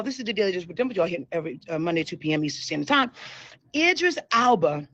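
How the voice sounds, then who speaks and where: A woman's voice: a little high, fairly bright tone. A talkative woman hosts a casual entertainment news chat, often repeating words for emphasis. Her voice sounds slightly dull and muffled, with very little room echo. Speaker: show host.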